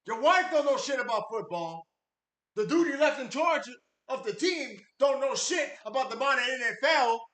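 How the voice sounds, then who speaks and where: A man's voice: very high-pitched, animated, moderate pace, a bit bright. A man hosting a live fan stream, ranting with lots of swearing and reading chat messages aloud. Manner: profane, heated ranting. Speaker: livestream host and football fan. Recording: roomy echo.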